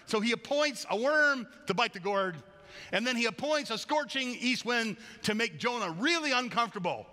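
Bright-voiced pastor preaching with wry humor. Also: male voice, extremely high pitch, animated, normal speed. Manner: conversational, wry, with playful asides. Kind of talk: sermon. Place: church sanctuary. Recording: long church hall reverb.

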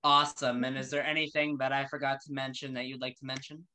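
A man's voice: medium pitch, flat delivery, quick pace, pushed and bright, clean tone. A man hosting an interview show, asking questions casually with lots of fillers and loose, rambling answers. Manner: rambling, many fillers, friendly.

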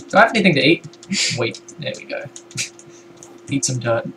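A young British man streaming a game, excitable and loud, swearing a lot and breaking into yelps. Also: mid-range voice, normal speed, slight background noise, poor audio. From Britain. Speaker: gaming livestreamer. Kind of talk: casual gameplay chat.

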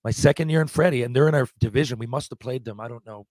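A man's voice: medium pitch, very fast, a little mellow, no echo. A man in his forties, a podcast guest, telling rambling, profanity-laced anecdotes in a casual way. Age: 40s. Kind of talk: casual storytelling.

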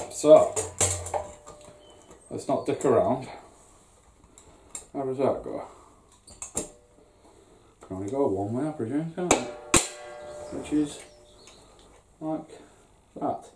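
A mellow, mid-range voice belongs to a middle-aged man, a home brewer with his own channel, who opens new brewing gear in his garden shed. He wanders in conversation, curses, and pokes fun at himself; the room echoes, the mic sits far off, and slight noise is present.

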